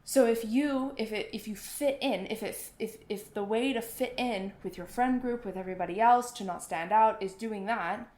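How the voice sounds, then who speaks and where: A woman's voice: normal speed, few pauses, darkish tone. Chatty woman podcaster, roomy sound. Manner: chatty and earnest, acts out nervous quotes in a higher voice. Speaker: podcast host, oboist and performance coach. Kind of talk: solo podcast talk.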